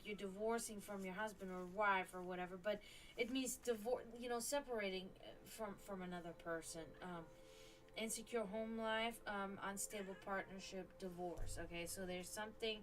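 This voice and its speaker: A woman's voice: mid-range voice, rough recording. A woman hosting a live tarot stream, chatting casually, cursing now and then and talking to her pets between readings. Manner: chatty, swears casually, coos baby talk at her cat. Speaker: tarot reader and stream host.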